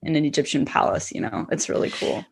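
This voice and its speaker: A woman author chatting as a guest, enthusiastic and rambling, with lots of fillers and restarts. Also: fast. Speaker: hosts her own book podcast. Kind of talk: casual conversational interview.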